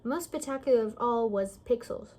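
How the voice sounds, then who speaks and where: A woman's voice: a little high, normal speed, a little mellow. A woman reading a novel aloud in a casual way, often stumbling over words and correcting herself. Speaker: reader.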